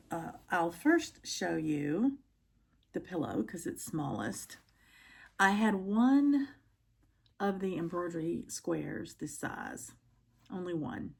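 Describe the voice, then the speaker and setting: Middle-aged woman vlogging from home, gravelly bit husky voice, lots of ums. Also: deep voice. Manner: chatty, many ums and pauses. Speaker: cross-stitch vlogger. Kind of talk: casual chat to camera.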